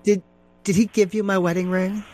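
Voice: medium pitch, flat delivery, moderate pace, darkish tone, close to an everyday voice. A performer voicing a jealous wife who accuses a stranger on a prank call, repeating the same questions over and over. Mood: accusing. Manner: repetitive, accusing.

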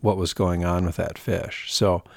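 A man's voice: low voice, little pitch movement, a little slow, gravelly, darkish tone, no echo, studio quality. A man co-hosting a fishing podcast in casual chat, rambling and self-mocking, often restarting his sentences. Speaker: podcast co-host.

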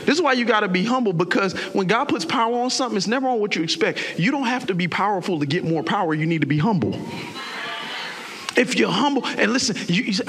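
A young man from South Florida preaches. His voice sits high and bright, with a gravelly, husky edge. He throws himself into the sermon and slips into voices for the people in his stories. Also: fast, slight background noise. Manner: animated preaching with voiced asides and impressions. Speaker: pastor.

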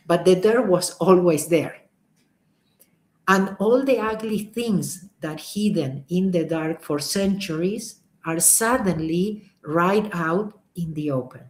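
A woman's voice: lowish voice, darkish tone. A woman talks to her online followers in a loose, chatty way, full of fillers and repeated thanks. The sound comes through a live-stream mic in an echoey room. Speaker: spiritual teacher hosting a live stream. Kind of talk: casual live-stream talk and guided recitation.

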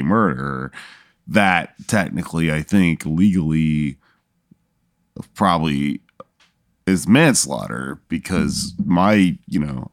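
A male comedian guest answering an improvised scenario in a halting, hesitant way, laughing often. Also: rumbling low, no room sound, clean studio sound. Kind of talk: casual improvised chat.

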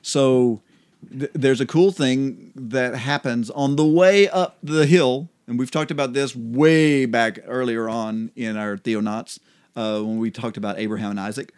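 A man co-hosting a casual Bible study chat, relaxed and laughing often as he explains. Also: medium pitch, unhurried, clear, resonant tone. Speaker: co-host.

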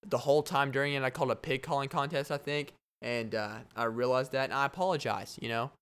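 A male podcast host spins a long daydream story on his own, with restarts and little laughs along the way. His voice is smooth and clear and sits at a middle pitch. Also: fairly even intonation, fast, fairly bright tone. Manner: rambling, giggly storyteller. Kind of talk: solo podcast monologue.

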